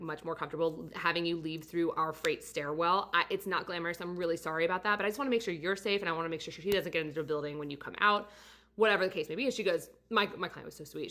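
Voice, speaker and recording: A woman photographer casually telling a story about a client, chatty and full of fillers. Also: on the low side. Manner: chatty, many fillers, animated retelling. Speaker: portrait photographer and studio owner.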